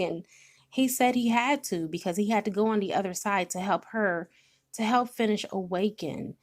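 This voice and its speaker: A woman's voice: medium pitch, moderate pace. A woman giving a spiritual card reading, telling a story with feeling and speaking directly to her viewers. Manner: emotional, storytelling, nearly tearful at times. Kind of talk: tarot reading monologue.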